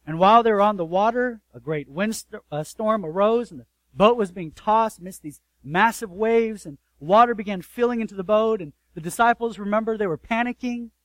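A man with a high, light voice delivers an earnest sermon in a dry, close room. He swells to loud emphasis, then drops almost to a hush, and keeps turning to his listeners with rhetorical questions. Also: no echo, rough recording. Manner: addresses listeners directly, asks rhetorical questions. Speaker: pastor.

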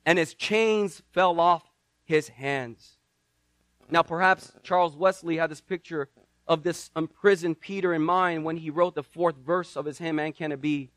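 A man with a high voice preaches a sermon, retelling the story dramatically and giving its people their own voices. The sound is dry and close, with no room around it. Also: fairly even intonation, normal speed, fairly bright tone, no echo. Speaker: pastor.

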